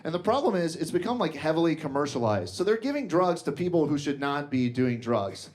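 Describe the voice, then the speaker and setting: A man's voice: fairly high pitch, big pitch swings, brisk, darkish tone. A young man doing stand-up comedy on stage, talking conversationally with lots of "like". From Colombian parents, raised in the US. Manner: conversational, fillers like "like". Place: comedy stage before a laughing audience.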